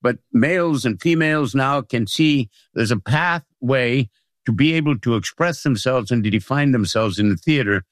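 An older man, a playwright, giving reflective, measured interview answers with halting restarts. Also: medium pitch, no room sound, studio quality.

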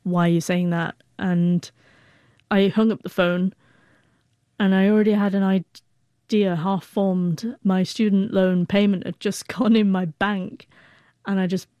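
Woman, 40s, stutter, mellow tone, dry close sound, heartfelt storytelling. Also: medium pitch, no echo. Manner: stutters, repeating and breaking off word starts; heartfelt, reflective. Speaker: guest. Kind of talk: personal storytelling.

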